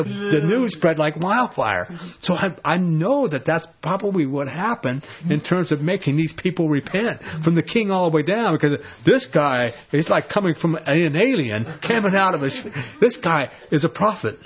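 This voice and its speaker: A man preaching a sermon, telling a story with animated energy and laughing as he gets excited. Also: on the high side, moderate pace, a crowd in the background. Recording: dull lo-fi recording.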